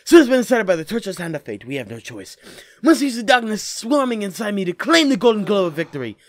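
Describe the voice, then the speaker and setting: A man's voice: high-pitched, sing-song, fast talker, dry recording, studio quality, voice pushed up. Odin, a man doing a bombastic young mage. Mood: grandiose. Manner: bombastic, melodramatic. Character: theatrical young male mage, grandiose.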